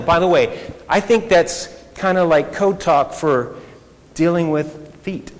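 Male preacher, lively and conversational, fairly high voice, reverberant hall with faint noise. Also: a little slow. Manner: animated, conversational, rhetorical questions. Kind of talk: sermon.

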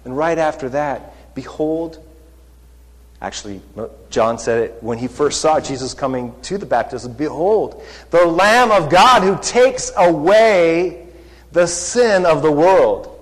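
Slow preaching man in a reverberant hall. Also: on the high side, animated. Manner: unhurried preaching, acting out quoted lines with rising emphasis. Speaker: pastor. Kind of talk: sermon.

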